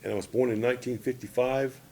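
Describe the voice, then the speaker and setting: A man's voice: medium pitch, fairly even intonation, fast, a little mellow, slight background noise. A man in his sixties from Oklahoma, teaching a language lesson in a plain, repetitive way, often checking in with "okay?" and "see?". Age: 60s. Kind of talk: casual spoken lesson.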